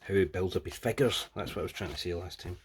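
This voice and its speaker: A man's voice: deep voice, fast talker, a little hiss or hum. A man casually reviewing a comic book, rambling and crude with plenty of jokes.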